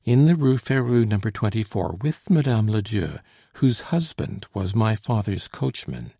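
A man reading aloud the lines of a young female aristocrat in hiding, formal and gentle. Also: lowish voice, animated, a little slow, creaky, breathy edge, dry recording, studio quality, heavily acted. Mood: earnest.

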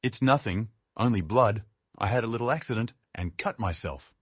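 A man's voice: on the low side, moderate pace, fairly bright tone, husky, no echo, clean studio sound. A man reading as an offhand hired killer. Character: menacing male hired killer, casual about violence.

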